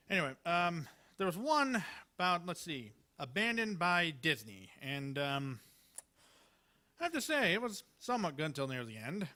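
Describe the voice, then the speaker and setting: A man's voice: medium pitch, bright, forceful tone. A man performing at an open mic, reading Halloween one-liners in a hesitant, rambling way full of fillers and restarts. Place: small live venue.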